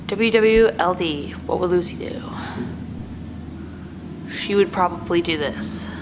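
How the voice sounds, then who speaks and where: A woman's voice: lowish voice, slow pace, background noise. A woman reacting to scary video clips, with jumpy exclamations and chatty asides. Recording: music clearly playing behind.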